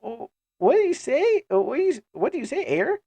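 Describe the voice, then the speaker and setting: A man voicing an anxious, caring young girl in a high falsetto, in a fan comic dub. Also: big pitch swings, fairly quick, creaky, warm tone, dry recording, full character voice. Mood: coaxing.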